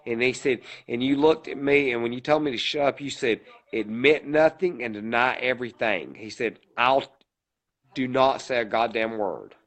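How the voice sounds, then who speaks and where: A man's voice: medium pitch, normal speed, fairly bright tone, poor audio. Man, podcast co-host, rambling storyteller, he-said-I-said style. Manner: rambling retelling with many "he said, I said" quotes. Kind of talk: casual storytelling.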